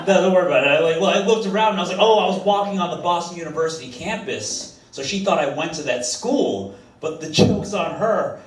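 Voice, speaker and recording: A man's voice: sits high, lively intonation, fairly quick, hardly any pauses. Wry self-deprecating stand-up comic man. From Massachusetts. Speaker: stand-up comedian. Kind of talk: stand-up comedy set. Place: comedy club stage with live audience. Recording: roomy club, distant mic, noisy.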